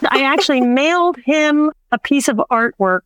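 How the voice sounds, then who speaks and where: A woman's voice: sits high, expressive, normal speed, a bit bright, dry recording. A woman co-hosting a casual podcast, reading scripture aloud with playful, swearing asides. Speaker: podcast co-host.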